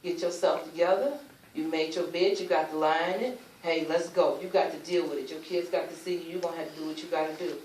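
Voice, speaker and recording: A woman giving an emotional personal testimony at a luncheon, telling her story in animated, informal speech and acting out what people said. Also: sits low, fast talker, slight background noise. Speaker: speaker sharing a personal testimony. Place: luncheon event room. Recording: roomy, distant mic, faint ambience.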